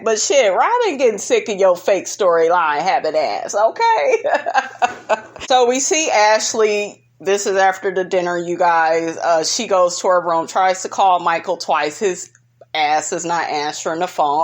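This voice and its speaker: A woman recapping a reality show in casual, sassy commentary, full of "honey" and big swoops of pitch for emphasis. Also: measured pace. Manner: sassy and animated, constantly saying "honey".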